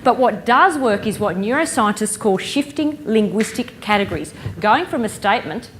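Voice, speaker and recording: A woman giving a lively conference keynote, engaging the audience with stories and questions. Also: mid-range voice, normal speed, a little hiss or hum. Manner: lively, playful storyteller who engages the audience. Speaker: keynote speaker. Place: conference hall stage.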